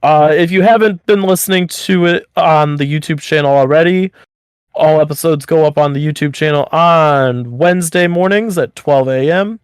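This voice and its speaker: A man's voice: on the high side, normal speed, smooth, no room sound, studio quality. A man co-hosting a podcast in casual, bantering chat while plugging the show. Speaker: podcast co-host.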